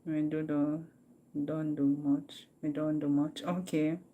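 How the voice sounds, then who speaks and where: A woman's voice: low-pitched, flat delivery, takes it slowly, mellow. A woman with a Jamaican accent chatting casually with viewers on a live stream, talkative and laughing often. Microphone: phone.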